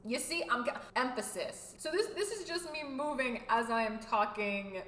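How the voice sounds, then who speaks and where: A young woman chatting to camera in a lively, expressive vlog, her voice set a bit high and bright. She swings between loud, punchy bits and quieter asides. The room has a noticeable echo. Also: moderate pace. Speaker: vlogger. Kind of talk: casual talking-head vlog.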